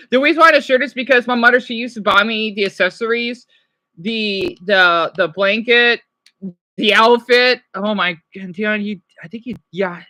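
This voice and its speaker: A woman streamer reacting to videos in casual, rambling chat, excitable and talking back to her viewers. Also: medium pitch, no room sound.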